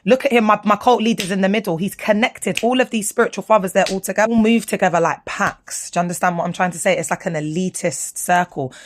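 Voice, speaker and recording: A woman, talking straight to her viewers over photos in an indignant, animated commentary, full of slang. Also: fast, few pauses, slight background noise. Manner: animated, indignant, slangy, swings between low asides and high exclamations. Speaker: vlogger speaking out about her former church.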